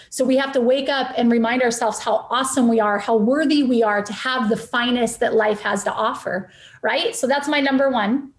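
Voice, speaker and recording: A woman's voice: sits high, reverberant. A woman, a real estate investor guest on a podcast, talking in a passionate, motivational and emphatic way. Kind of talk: enthusiastic podcast interview talk.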